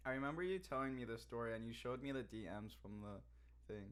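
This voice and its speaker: A man's voice: medium pitch, fairly quick, clean tone. A young man hosting a casual podcast who rambles, packs his sentences with "like" and trails off mid-thought. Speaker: podcast host. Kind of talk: casual chat.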